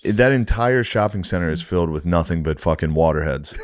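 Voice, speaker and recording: Low-voiced man telling a profane story. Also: a little fast, no room sound, clean studio sound. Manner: profane, exasperated, animated retelling. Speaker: podcast co-host. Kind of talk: casual storytelling.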